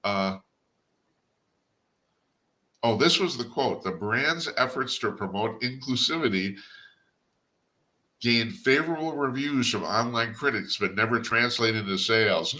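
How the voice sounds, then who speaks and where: A man's voice: medium pitch, animated, normal speed, pushed and bright. An older man hosting a talk radio show, giving a blunt, rambling opinion monologue with chuckles and restarts.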